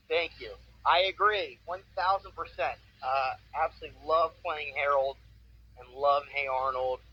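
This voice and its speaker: A man's voice: a little high, slow pace. A man in his forties, a voice actor telling stories in a casual interview with an upbeat, enthusiastic manner. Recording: muffled with faint noise.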